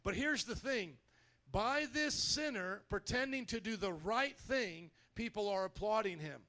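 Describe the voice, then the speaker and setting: A man with a notably high voice preaches to his congregation in a church. He talks in an energetic, conversational way, often turning to the crowd with prompts and asides. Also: a little slow. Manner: energetic, conversational preaching with audience call-outs. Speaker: pastor. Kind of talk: sermon.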